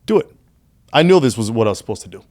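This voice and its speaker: A man's voice: fairly low pitch, big pitch swings, very fast, darkish tone. A man who is a guest on a casual podcast, telling his story animatedly with heavy profanity and calling the host "brother".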